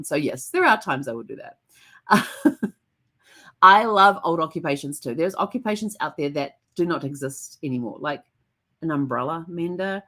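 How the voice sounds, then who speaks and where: A woman hosting a genealogy channel, talking casually and animatedly, jumping up high when she acts out her own reactions. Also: lively intonation, normal speed, sharp tone. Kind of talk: casual solo talk to camera.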